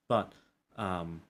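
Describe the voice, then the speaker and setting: A man playing a tabletop game who talks in halting starts, with many ums and restarts. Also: sits low, fairly bright tone. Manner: hesitant, full of restarts and ums.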